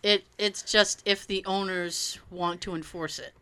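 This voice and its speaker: A woman in her thirties hosting a casual chat, animated and profane, laughing often. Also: mid-range voice, a little slow, smooth. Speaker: podcast host.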